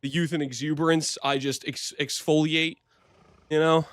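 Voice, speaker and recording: A man's voice: on the high side, little pitch movement, moderate pace, fairly bright tone, no echo. A young man hosting a stream, chatting casually in a playful, teasing way. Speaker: streamer host.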